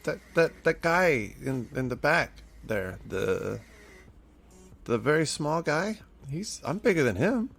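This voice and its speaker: A man's voice: on the high side, very animated, slow, creaky, a bit bright. A man playing a tabletop game, speaking eagerly in character. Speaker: tabletop player. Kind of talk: in-character role-play chat.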